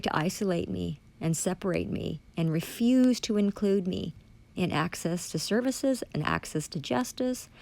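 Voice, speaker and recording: Woman, gravelly voice, angry profane rant, sarcastic, reads a document aloud and argues back. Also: medium pitch, a little mellow. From Canada. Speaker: vlogger reading and rebutting a policy document. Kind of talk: angry ranting monologue.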